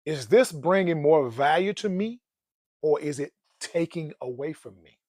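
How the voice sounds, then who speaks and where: A playful man talks about money and life in a high, lively voice, laughing often and dropping folksy slang. The sound is close and dry. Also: unhurried, no room sound. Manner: folksy slang, calls listeners "man" and "dog". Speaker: personal finance vlogger. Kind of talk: casual motivational talk.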